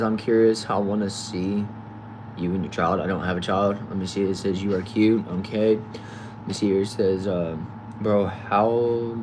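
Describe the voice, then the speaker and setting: A man with a Texan accent reading viewer comments aloud quickly on a casual livestream from a back shed, answering each with a short reply. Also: sits low. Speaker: livestream host reading chat. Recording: noisy background hum.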